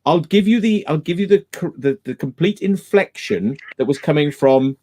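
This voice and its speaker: A man's voice: on the high side, animated, normal speed, a little mellow. Emphatic man hosting a stream. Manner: emphatic, repeats his points while retelling a dispute. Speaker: live-stream host. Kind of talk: casual live-stream chat.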